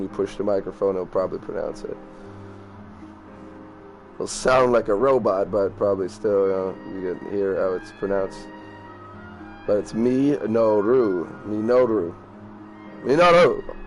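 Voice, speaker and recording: Voicing a game's lines as he plays, this let's play commentator rambles casually, curses, and stumbles on difficult words, his voice fairly low in pitch and a little mellow.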